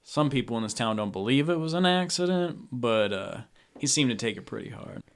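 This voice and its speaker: A man running a tabletop role-playing game as game master. He rambles casually with lots of fillers and often breaks into laughs. His voice sits at an everyday middle pitch. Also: animated, a little fast, smooth.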